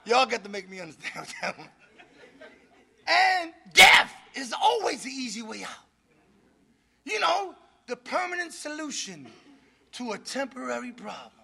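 A man sharing his recovery story at an addicts' meeting in a preachy style, often shouting for emphasis and laughing between points. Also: very high-pitched, very animated, measured pace, creaky, long pauses, breathy edge. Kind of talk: recovery testimony.

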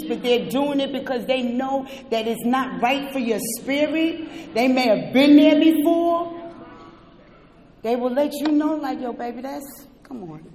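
A person sharing a personal recovery testimony at an indoor meeting, talking with passion and swinging between quiet and shouting. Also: high-pitched. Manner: impassioned, swings from soft to shouting. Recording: roomy echo with long hall reverb.

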